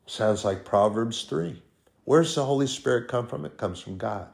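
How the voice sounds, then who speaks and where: With an expressive mid-range voice touched by vocal fry, a middle-aged man delivers a Bible-teaching sermon at normal speed. He chats with fillers and self-corrections, shifting from soft asides to loud, climbing declarations.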